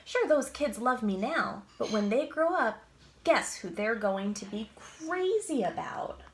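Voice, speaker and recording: Cheery storybook lollipop, high and animated, always reassuring, voiced by a woman. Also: unhurried. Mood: cheerful. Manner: bright and reassuring.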